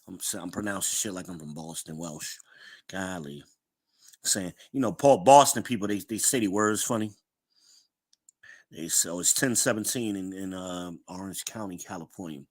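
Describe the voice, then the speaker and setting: Man, fairly low voice, casual podcast host, chatty, laughs between comments. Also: fairly bright tone. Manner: chatty, reads chat aloud, laughs often. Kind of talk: casual livestream chat.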